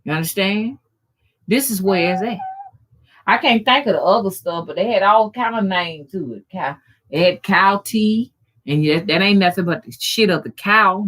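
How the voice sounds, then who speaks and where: A woman's voice: medium pitch, a bit bright. A middle-aged woman, hosting a casual livestream chat, folksy and profane, greeting viewers by name. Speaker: rootworker and channel host.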